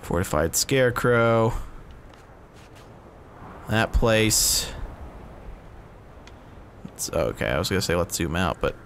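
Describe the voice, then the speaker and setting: A man's voice: sits low, expressive, slow pace, pauses often, fairly bright tone, a little hiss or hum. Laid-back, swearing let's-play man. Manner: laid-back, profane, giggly asides. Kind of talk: casual gameplay commentary.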